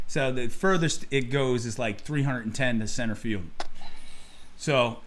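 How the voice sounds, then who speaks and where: A middle-aged man co-hosting a casual baseball chat, telling animated stories and acting out what people said. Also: medium pitch, measured pace, slight background noise. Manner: animated storyteller who acts out quotes. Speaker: co-host and youth baseball coach.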